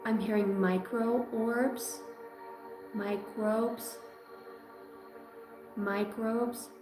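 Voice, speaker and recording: A woman giving a live psychic reading, talking in a halting, dreamy and emotional way, full of filler words. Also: fairly high pitch, steady tone. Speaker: psychic reader. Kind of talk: live-stream intuitive reading. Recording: echoey room with music behind. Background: clear background music.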